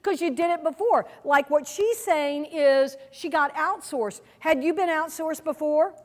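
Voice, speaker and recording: A woman with a high voice leads a workshop, quizzing her audience in a lively, engaging way. Her voice carries a long reverb from a large room. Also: measured pace. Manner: lively, asks the audience questions. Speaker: seminar presenter. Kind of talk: teaching a workshop.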